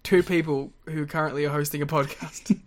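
A man's voice: on the high side, fairly even intonation, brisk. A man co-hosting a casual podcast, reacting with exasperation and frequent laughs. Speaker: podcast co-host. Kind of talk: casual wrestling podcast chat.

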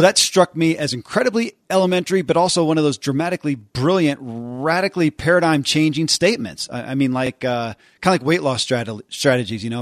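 A man hosts a podcast, asking long, enthusiastic questions full of fillers. His voice is middle in pitch, recorded close and dry with no room echo. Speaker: podcast host. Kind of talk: conversational interview.

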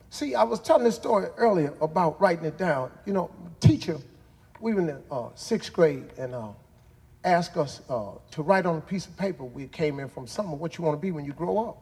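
Gravelly older man telling a folksy story. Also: high-pitched, a little mellow, long reverb tail. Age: 60s. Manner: folksy drawling storyteller, builds to punchlines. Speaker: host. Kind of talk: motivational storytelling.

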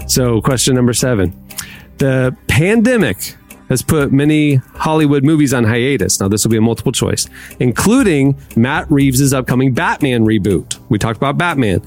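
Lively, playful male quiz host. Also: mid-range voice, normal speed, soft background music. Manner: playful, emphatic, laughs between questions. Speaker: podcast host running a trivia game. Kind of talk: casual quiz hosting.

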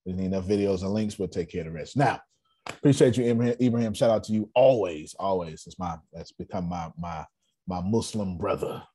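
A man's voice: deep voice, brisk, dark tone, husky. A man coaching an online business meeting in a blunt, joking way, repeating his phrases with a preacher-like rhythm. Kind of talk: animated motivational talk.

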